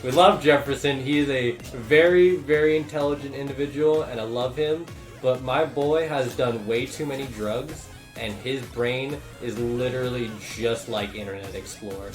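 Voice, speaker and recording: A young man chatting casually while he plays, wandering through anecdotes with plenty of laughs and the odd curse. His voice sits at an ordinary middle pitch. The room is echoey, and game music plays faintly behind him. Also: normal speed. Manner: rambling storyteller, swears, laughs often. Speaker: streamer. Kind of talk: casual chat while gaming.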